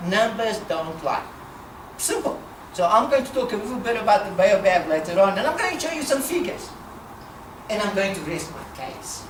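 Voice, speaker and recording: A woman from Africa, giving a passionate public talk, emphatic and quick to laugh. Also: fairly high pitch, background noise. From South Africa. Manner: animated, emphatic, laughs often. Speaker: speaker at a talk. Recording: echoey room, distant mic, faint ambience.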